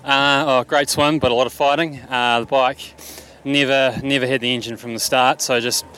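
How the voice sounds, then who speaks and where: A man from New Zealand, a race finisher, speaking calmly and matter-of-factly outdoors. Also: medium pitch, normal speed. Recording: faint background noise outdoors.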